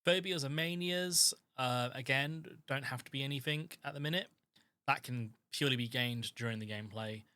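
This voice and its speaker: A man's voice: medium pitch, normal speed, bright, forceful tone, no room sound. A man running a tabletop game as game master, explaining the rules in a hesitant way with lots of ums.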